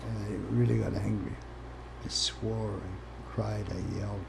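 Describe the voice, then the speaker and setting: An older man from Canada, a former First Nations chief, telling his life story as an interview guest in a candid, plain-spoken way that swings from quiet to animated. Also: lowish voice, unhurried, gravelly, noisy background.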